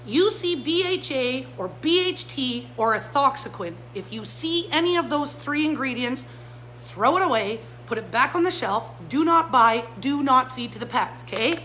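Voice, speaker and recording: A woman's voice: high voice, lively intonation, moderate pace, sharp tone, slight background noise, low-quality recording. A woman who runs a pet store, giving a fired-up live-stream talk straight to her viewers. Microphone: phone or camera mic.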